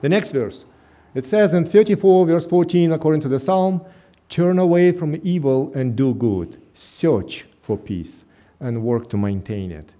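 A middle-aged man, preaching a sermon as a pastor in an earnest, emphatic way with slow stressed phrases. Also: on the high side, warm tone. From Russia.

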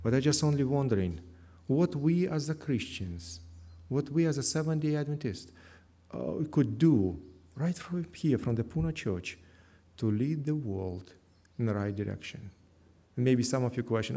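A man's voice: medium pitch, big pitch swings, moderate pace, warm tone. A man preaching a sermon as pastor, earnest, repeating his key phrases with slightly non-native grammar. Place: church.

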